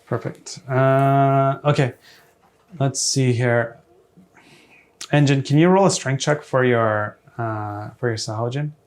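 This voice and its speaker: A man as dungeon master running a tabletop game, relaxed and hesitant, with many fillers and frequent laughs. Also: mid-range voice, takes it slowly.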